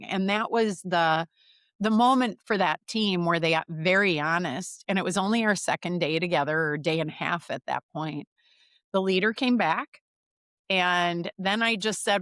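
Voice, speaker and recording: Middle-aged woman coach from the Midwest, lively storyteller, dry close mic. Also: lowish voice, no echo. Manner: animated, acts out quoted dialogue. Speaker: leadership coach. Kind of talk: conversational storytelling.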